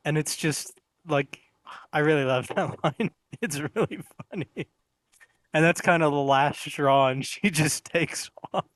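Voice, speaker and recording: A man's voice: a little high, a little slow, fairly bright tone, dry recording. A man co-hosting a casual film review, retelling scenes and laughing often as he talks.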